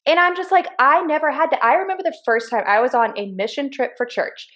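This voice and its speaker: Earnest, animated woman co-host. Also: high-pitched, quick pace, muffled recording. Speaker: podcast co-host. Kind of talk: casual chat.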